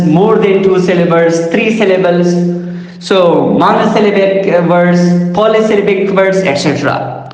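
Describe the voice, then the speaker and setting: A man giving a slow, formal lecture, often addressing his listeners and repeating words to stress them. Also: high-pitched, a little mellow. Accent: South Asian English. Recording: echoey room with long reverb.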